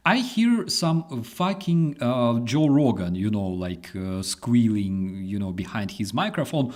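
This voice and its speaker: A man's voice: mid-range voice, very animated, measured pace, hardly any pauses. A man hosting a live news commentary, ranting and swearing, with many fillers. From Ukraine. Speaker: host.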